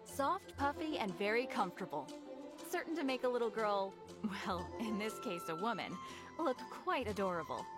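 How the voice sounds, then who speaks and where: With game music playing behind her, a woman voices an eager young shopkeeper in a video game, bubbly, chatty and salesy. Her natural voice sits at medium pitch, swings widely in pitch, and moves at a moderate pace.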